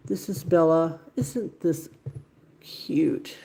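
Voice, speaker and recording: A woman's voice: low voice, very slow, creaky, warm tone, slight background noise. A woman chatting casually with viewers on her livestream, rambling from topic to topic. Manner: rambling, friendly, talks sing-song baby talk to her dogs. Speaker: livestream host. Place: home kitchen and backyard.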